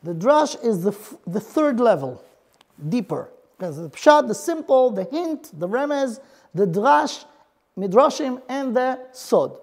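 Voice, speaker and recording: Woman teaching Torah earnestly, high voice. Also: very animated, unhurried, darkish tone. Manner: explains earnestly in broken English, mixing in Hebrew terms. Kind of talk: Torah lesson.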